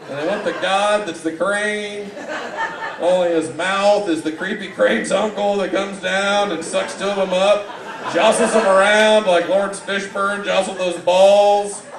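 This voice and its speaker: A man's voice: high-pitched, fairly even intonation, a little slow, a crowd in the background. Mocking man roasting from a distant mic. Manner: mocking, rambling, shifts into loud outbursts. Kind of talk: live stand-up roast set. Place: live event room. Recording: echoey room, distant mic, audible background.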